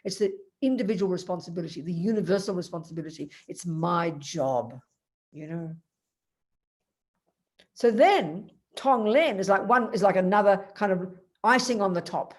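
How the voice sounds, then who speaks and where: A woman teaching Buddhist philosophy in an emphatic, animated way, telling stories and addressing her students by name. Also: on the low side, normal speed. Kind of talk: Dharma teaching.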